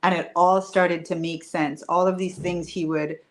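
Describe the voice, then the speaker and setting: A woman coach telling a personal story to an online audience, emphatic, moving between hushed and raised delivery. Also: on the low side, little pitch movement, normal speed, slight background noise. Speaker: women's wealth coach.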